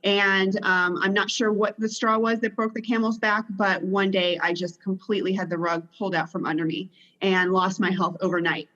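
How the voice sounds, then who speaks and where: A woman's voice: medium pitch, steady tone, moderate pace, fairly bright tone, muffled recording. A woman author guesting on a podcast, speaking in a conversational, reflective way with some hesitations. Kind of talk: casual interview talk.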